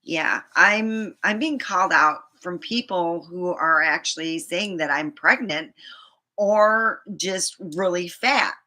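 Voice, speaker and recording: A woman's voice: on the low side, slow, pushed and bright. A woman vlogger ranting to the camera, frustrated, rambling and swearing often. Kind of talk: venting to camera.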